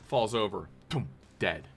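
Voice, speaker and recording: A man running a tabletop game as game master, narrating in a relaxed, plain way and calling out rolls. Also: on the low side.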